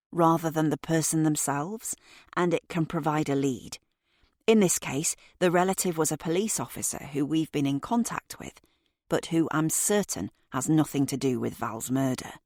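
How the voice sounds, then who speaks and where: A woman voicing a calm, polite female police detective who speaks in a measured, courteous way. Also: sits low, no echo, studio quality.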